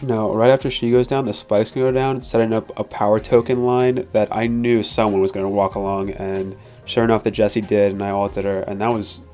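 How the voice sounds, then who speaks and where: Young male gaming host, a bit congested, low-pitched, laid-back replay voice-over over faint music. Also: brisk, hardly any pauses. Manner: relaxed, rambling with many fillers. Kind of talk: casual gameplay commentary.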